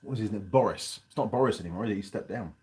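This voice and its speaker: Eating a pie on his live stream, a channel host rambles casually while reviewing it. He talks in rapid-fire fashion with a fairly low, slightly mellow voice.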